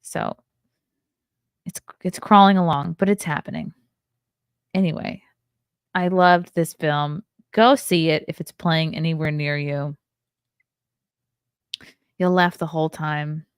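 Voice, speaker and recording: A woman's voice: deep voice, steady tone, slow pace, pauses often, clear, resonant tone, dry recording, studio quality. A woman streaming from her home desk, chatting in a rambling way with sarcastic asides while reviewing a film and reading chat. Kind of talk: casual live-stream chat. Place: home desk setup with webcam.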